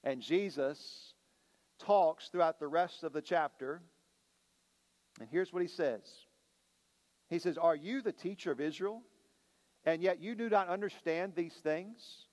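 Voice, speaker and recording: A man preaching a sermon as a pastor, slowing down and building emphasis on key lines. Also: fairly high pitch, darkish tone, big-room sound. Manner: preaching with dramatic slowdowns and rising emphasis.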